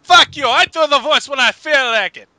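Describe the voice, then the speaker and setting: Ranting man with a very high voice. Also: moderate pace, no echo. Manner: ranting, yelling and swearing. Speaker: podcast co-host. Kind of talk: casual podcast chat.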